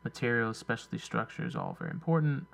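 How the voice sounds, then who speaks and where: A man with a gravelly, mid-pitched voice talks through technical points thoughtfully. Faint noise sits under the recording. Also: huge pitch swings. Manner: thoughtful, reads lists slowly. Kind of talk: casual conversational chat.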